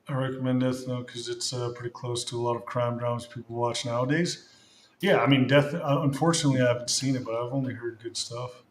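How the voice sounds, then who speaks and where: A man hosting a casual livestream, rambling with many fillers and thanking viewers warmly. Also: medium pitch, fairly even intonation, fast, a little hiss or hum. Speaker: livestream host. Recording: roomy echo.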